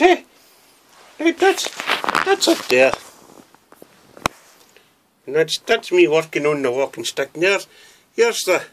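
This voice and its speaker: Scottish man, casual self-filmed chat, raised pitch, very animated, endless "eh?" tags. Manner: rambling, tags nearly every phrase with "eh?", exclaims "by George". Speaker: vlogger. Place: small cluttered wooden hut, indoors.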